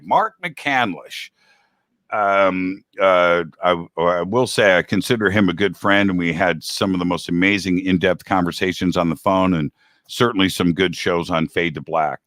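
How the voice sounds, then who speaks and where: A man's voice: low-pitched, fairly bright tone, dry recording, studio quality. A man talking as a guest host in a casual chat, rambling and laid-back, with a slangy manner.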